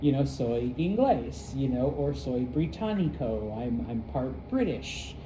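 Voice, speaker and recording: A middle-aged man from the United States teaching a casual classroom lesson, rambling with lots of fillers and quick check-ins. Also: mid-range voice, big pitch swings, mellow, slight background noise, poor audio. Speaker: Spanish teacher.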